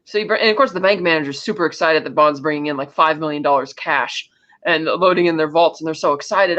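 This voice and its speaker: A woman with a bright, sharp voice retells a movie scene by scene in relaxed podcast chat. Her mic sounds dull and lo-fi, taking the top off her voice. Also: deep voice, fast. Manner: chatty storytelling, acts out film dialogue. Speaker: podcast co-host. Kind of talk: casual film-recap chat.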